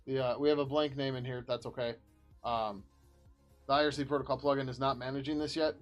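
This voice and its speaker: A man's voice: medium pitch, fairly even intonation, a little fast, faint music behind. Mumbling man thinking aloud while coding. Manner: rambling, many ums, muttering to himself. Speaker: live-coding streamer and software developer.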